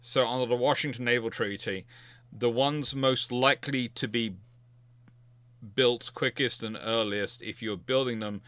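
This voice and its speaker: A man's voice: medium pitch, steady tone, unhurried, fairly bright tone, clear, resonant tone, no echo. A man hosting a naval history livestream, answering viewer questions in a chatty, emphatic way, thinking aloud with frequent restarts. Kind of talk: casual livestream Q&A.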